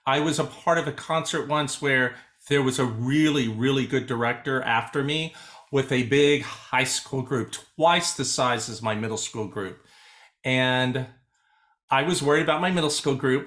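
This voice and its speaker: A man's voice: medium pitch, measured pace. A man who teaches choir, talking casually on a video call and acting out his students' voices as he tells stories. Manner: animated storyteller, acts out quoted students. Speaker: choral music educator.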